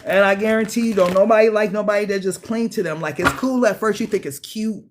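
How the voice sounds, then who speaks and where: A man giving a casual tarot reading, profane and animated, calling his viewers beloved. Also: high-pitched, quick pace, noisy background. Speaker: tarot reader.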